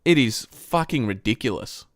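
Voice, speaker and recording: Aussie bloke ranting on a live stream, swears a lot, pitch all over the place, dry sound. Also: male voice, moderate pace, dry recording. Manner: frustrated, heavy swearing, ranting; excitable, voice jumps up when worked up. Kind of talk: live-stream footy review.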